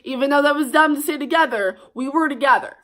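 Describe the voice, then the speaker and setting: A woman's voice: high voice, fairly bright tone. Heated, swearing young woman. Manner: heated, swearing, fast bursts. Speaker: vlogger. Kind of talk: storytime vlog.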